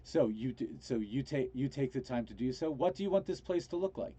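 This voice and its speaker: A man narrating a tabletop game as game master, halting with many restarts, over an online voice call. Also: mid-range voice, expressive, mellow, breathy edge.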